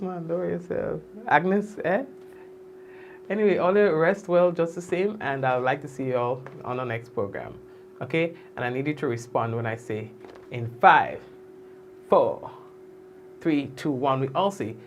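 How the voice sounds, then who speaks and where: A man's voice: fairly high pitch, lively intonation, normal speed, vocal fry, a bit bright, a little hiss or hum. Chatty man signing off a live stream. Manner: chatty and teasing, laughs often, calls out viewers by name. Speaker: host of a live news stream. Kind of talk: casual live-stream sign-off chat.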